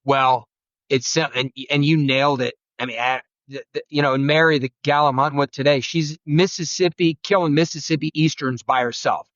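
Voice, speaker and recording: A man who is a guest turkey-hunting expert, telling rambling, animated stories and acting out quotes. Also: fairly high pitch, brisk, dry recording, dull audio. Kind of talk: storytelling conversation.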